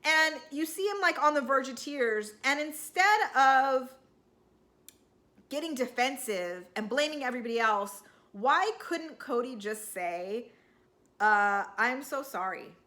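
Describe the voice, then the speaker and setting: A woman's voice: high voice, lively intonation, measured pace, pushed and bright. A woman talking through a TV episode recap in a casual, emotional, rambling way, full of restarts. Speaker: TV recap vlogger.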